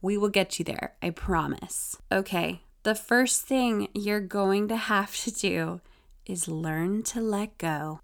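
A woman hosting her own podcast, chatty and self-deprecating, with a slightly hoarse voice and vocal fry. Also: mid-range voice. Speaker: podcast host. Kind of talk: casual solo podcast talk.

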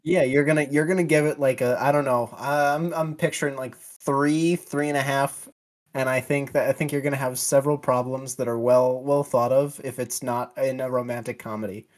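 A man's voice: medium pitch, steady tone, normal speed. A man co-hosting a film podcast in casual chat, bantering playfully and exclaiming often. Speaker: podcast co-host.

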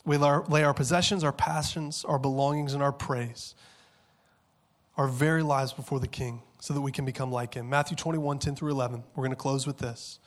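A man in his thirties preaching a sermon with passion, dropping to hushed tones and then rising to loud, urgent peaks. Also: mid-range voice, fairly even intonation, fairly quick. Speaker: pastor.

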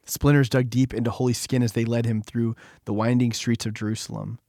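A man reads a devotional in a solemn, measured way, letting key phrases slow and settle. His voice sits at an ordinary middle pitch. The recording is dry and close, with no room echo. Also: level tone, warm tone. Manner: solemn, measured, slowing for emphasis. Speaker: devotional reader. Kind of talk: scripted devotional narration.

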